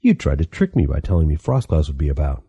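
A man's voice: extremely low pitch, wildly swooping pitch, fast, dark tone, husky, dry recording, lo-fi sound, full character voice. A man voicing a tired, anxious young apprentice in an audiobook, pleading and strained. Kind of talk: audiobook character reading.

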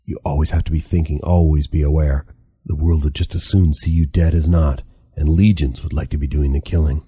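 A man's voice: rumbling low, steady tone, fairly quick, warm tone, slightly rough, dry recording, heavily acted. A man doing a cold impatient mentor. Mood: stern. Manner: curt, clipped and scolding. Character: stern harsh male mentor, impatient and cold. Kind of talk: audiobook character reading.

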